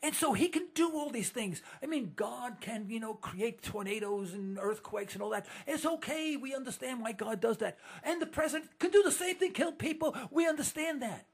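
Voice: mid-range voice, expressive, moderate pace, few pauses, slightly rough. A political commentator delivering an indignant monologue to listeners, full of rhetorical questions and stammered restarts.

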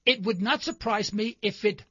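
Man, talk show host, impassioned rhetorical monologue, sharp tense tone, dry close sound. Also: sits high, normal speed, slightly rough, no room sound, lo-fi sound. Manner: impassioned, rhetorical, builds to indignant emphasis. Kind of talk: political commentary monologue.

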